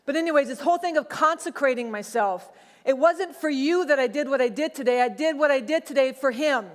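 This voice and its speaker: Woman pastor, sermon, high voice, long church reverb, chatty testimony. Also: a little fast. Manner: conversational personal testimony, animated retelling. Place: church sanctuary.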